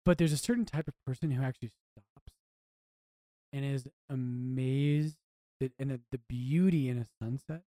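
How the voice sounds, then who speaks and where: A man's voice: mid-range voice, moderate pace, warm tone, no room sound. A man, a priest co-hosting a podcast, talking earnestly and reflectively, often restarting his phrases. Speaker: priest co-host.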